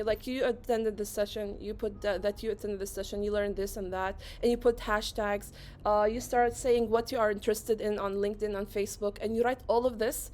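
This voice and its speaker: A woman whose first language is Arabic, giving a fast-paced, energetic motivational talk at an online conference and repeating phrases for emphasis. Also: a little high. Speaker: conference speaker. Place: online session.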